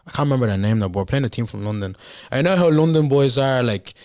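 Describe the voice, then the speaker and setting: A man's voice: mid-range voice, expressive, fast talker, darkish tone. A young man from Ireland with a Dublin accent, a podcast guest telling a story in casual chat and acting out the dialogue. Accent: Dublin Irish. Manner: anecdotal storytelling, acts out dialogue.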